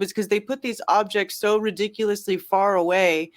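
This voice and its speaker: A man's voice: high-pitched, fairly quick, hardly any pauses, a bit bright. A man talking as a guest on a podcast, loose and conversational with many fillers. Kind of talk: casual interview chat.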